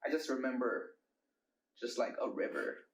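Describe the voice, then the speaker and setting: A man's voice: medium pitch, fairly even intonation, moderate pace, distant mic. A young man, a rapper, telling a long wild story in a casual interview, rambling and cursing with plenty of "like" and "bro". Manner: profane, rambling storyteller, bro-talk fillers. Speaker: rapper and producer guest. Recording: roomy, mic set back.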